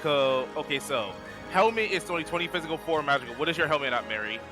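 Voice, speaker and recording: A man streaming a video game with friends, casually sorting and auctioning off gear and reading out item numbers with quick restarts. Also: on the high side, expressive, music in the background. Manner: organizing, auctioning items, lists numbers with restarts. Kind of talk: casual gaming chat.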